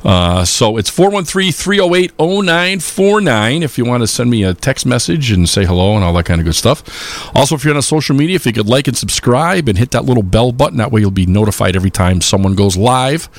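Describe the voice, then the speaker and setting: A man's voice: medium pitch, very animated, a little fast, soft background music. A man hosting a live polka radio show, chatting casually and rambling with lots of filler sounds.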